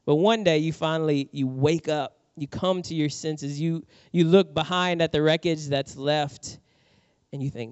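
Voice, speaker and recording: A middle-aged man preaching a sermon, telling a personal story with animated acted-out quotes. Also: on the high side, measured pace, clear, resonant tone, dry recording, lo-fi sound. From New Orleans, USA. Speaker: pastor.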